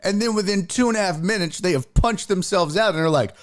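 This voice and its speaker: A man hosting a sports talk show, a comedian telling a profane, emphatic story in an animated way, sounding a bit congested. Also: sits high, fairly quick. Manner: profane, emphatic, fired-up ranting. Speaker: podcast host and stand-up comedian.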